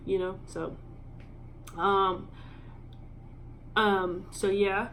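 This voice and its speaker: A young woman with a drawl tells a personal story straight to her viewers. Her speech is casual and halting, full of ums, and her voice sits in an ordinary middle range. A faint hiss sits under her voice. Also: medium pitch. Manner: halting and filler-heavy, emotional. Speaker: vlogger. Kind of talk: storytime vlog.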